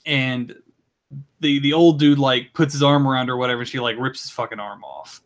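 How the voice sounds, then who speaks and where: A man on a podcast rambling through an anime recap, swearing often and clearing his throat. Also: medium pitch, fairly quick. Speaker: podcast co-host. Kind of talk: casual chat.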